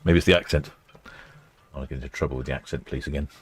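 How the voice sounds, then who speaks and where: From a quayside port camera station, an English livestream host narrates ships departing port, chatting casually and reading viewer comments. His rumbling low voice is husky and steady in tone, quick-paced, with no room sound.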